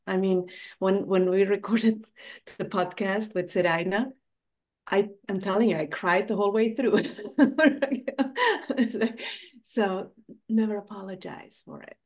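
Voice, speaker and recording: A woman's voice: mid-range voice, steady tone, moderate pace, a little mellow. A woman hosting a podcast in a casual interview chat, affirming her guest and often tagging "right?". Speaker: podcast host.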